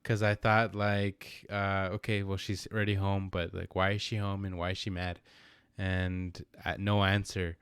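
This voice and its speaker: A man's voice: low-pitched, little pitch movement, unhurried, fairly bright tone, clear, resonant tone, no echo, clean studio sound. A young man co-hosting a podcast, telling a story in a rambling, laughing way and repeating himself. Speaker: podcast co-host. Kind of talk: casual storytelling.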